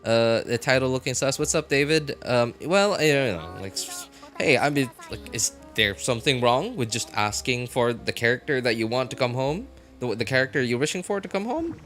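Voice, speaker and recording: A man's voice: mid-range voice, lively intonation, moderate pace, a bit bright. A man live-streaming a game, chatting casually with his viewers, often laughing and talking straight to chat. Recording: faint music behind.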